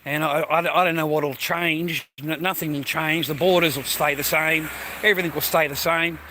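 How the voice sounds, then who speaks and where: A man's voice: fairly high pitch, steady tone, moderate pace, pushed and bright, a little hiss or hum. A man with an Australian accent, vlogging outdoors while walking through a neighbourhood, rambling crudely and filling his talk with "mate" and "you know.". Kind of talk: rambling casual vlog.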